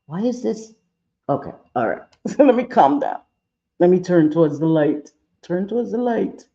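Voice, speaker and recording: A fairly high-pitched man talks his way through a makeup tutorial on a livestream, chatty and playful, fussing at his own eye. His voice is soft and mellow, and the sound is dull and lo-fi. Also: expressive, normal speed, creaky. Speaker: makeup vlogger.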